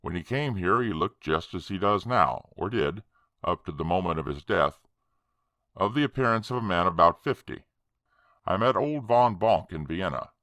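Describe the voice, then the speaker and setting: A man voicing a reluctant, uneasy friend who speaks hesitantly and gravely. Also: low-pitched, a bit bright, no echo, studio quality. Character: uneasy middle-aged male friend, reluctant.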